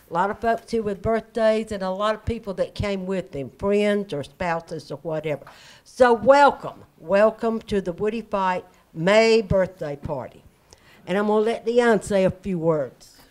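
A woman's voice: medium pitch, unhurried. A woman hosting a birthday party, upbeat, chatty and joking with guests, on a handheld microphone. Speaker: event host.

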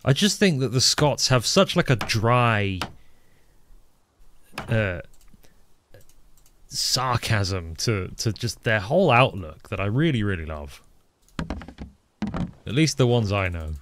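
A man's voice: lowish voice, big pitch swings, slow pace, pauses often, fairly bright tone. A man with an English Midlands accent chatting casually on a live game stream, rambling, answering chat and swearing offhandedly. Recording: noisy stream audio with mouse clicks.

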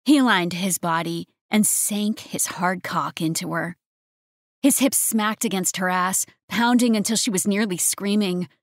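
A woman narrating a romance audiobook in a steady, even reading voice. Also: medium pitch, measured pace, no echo, clean studio sound.

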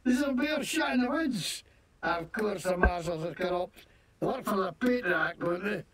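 A man's voice: high-pitched, animated, moderate pace, far from the mic, a crowd in the background. An actor playing a shifty, indignant shopkeeper in a video game who fakes a Scottish accent and swears his way through questioning. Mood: defiant. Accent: put-on Scottish. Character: shifty male fake-Scottish shopkeeper, defiant and loud.

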